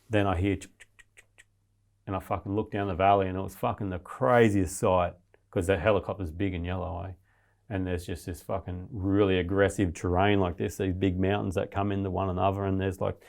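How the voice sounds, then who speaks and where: A man's voice: low-pitched, flat delivery, normal speed, creaky, darkish tone. A man, a podcast guest, recounting a survival ordeal in casual, heavily sworn storytelling. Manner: swears constantly, restless retelling of his ordeal.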